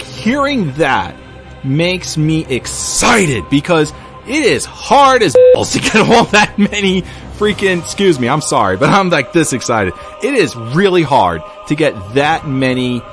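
A man hosting a casual gaming podcast, chatty and easily excited, with loose mild swearing. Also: mid-range voice. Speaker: podcast host.

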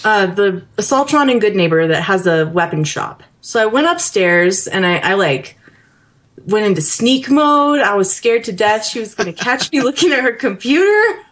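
A woman co-hosting a casual podcast chat about a video game, animated and laughing often, acting out characters. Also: medium pitch, moderate pace. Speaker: podcast co-host.

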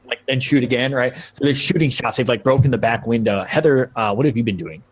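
A man narrates a tabletop game as game master, talking loosely and circling back on himself. His pitch sits in the middle of the usual range for a man. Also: a little fast. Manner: loose, rambling narration with many fillers and restarts.

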